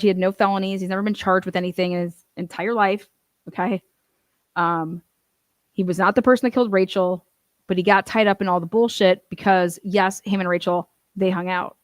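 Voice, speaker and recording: A woman hosts a true-crime advocacy show in a mid-range voice, recorded dry and close with no echo. Her casual commentary is fired up, emphatic and indignant, peppered with fillers and asides.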